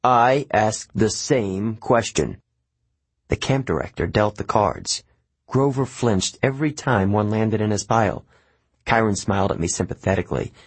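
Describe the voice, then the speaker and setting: A man narrating an audiobook in the first person, with expressive storytelling. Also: fairly low pitch, breathy edge, no echo.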